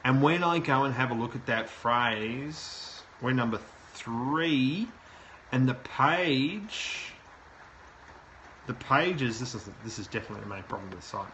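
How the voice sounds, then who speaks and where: Bright-voiced man reviewing a website live. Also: mid-range voice, animated, measured pace, a little hiss or hum, rough recording. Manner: thinking aloud, plain-spoken and direct. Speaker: SEO consultant host. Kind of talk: live website review, talking while browsing.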